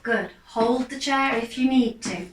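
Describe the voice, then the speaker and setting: A woman, a fitness instructor, calmly guiding a gentle exercise class with steady, encouraging cues. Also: on the high side, a little hiss or hum. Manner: calm, encouraging, unhurried cues. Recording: echoey room, mic far off.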